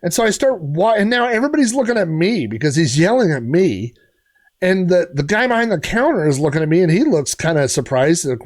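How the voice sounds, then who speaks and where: A man's voice: high-pitched, very animated, brisk. A middle-aged man streaming retro games, telling a story casually with lots of fillers and restarts. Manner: rambling, many fillers and restarts.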